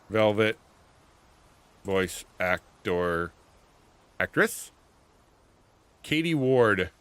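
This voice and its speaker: A man's voice: deep voice, a bit bright. A man livestreaming a video game, talking in a rambling, chatty, self-interrupting way. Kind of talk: casual gameplay commentary.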